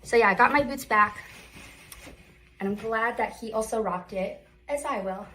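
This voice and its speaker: A woman's voice: a little high, normal speed, sharp tone, slight background noise, low-quality recording. A woman talking casually and playfully in a short video clip.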